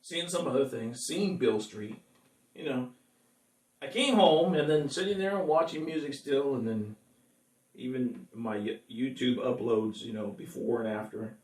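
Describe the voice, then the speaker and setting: A man's voice: medium pitch, normal speed, a little mellow. A man, a singer-songwriter, chatting casually with viewers between songs, rambling and laughing often. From California. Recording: echoey room, mic at a distance.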